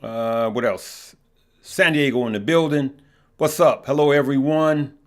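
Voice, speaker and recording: A man's voice: mid-range voice, measured pace. A middle-aged man hosting a live stock market show, talking loosely with viewers, often repeating words and checking in with "right?" and "okay?". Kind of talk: casual live-stream chat reading viewer comments.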